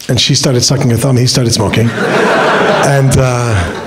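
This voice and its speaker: A man's voice: medium pitch, fairly even intonation, a little slow, pauses often, a little hiss or hum. A middle-aged man lecturing as a rabbi to a room of young students, joking, telling stories and acting out quotes with big swings in his voice. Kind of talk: animated seminar talk to young students.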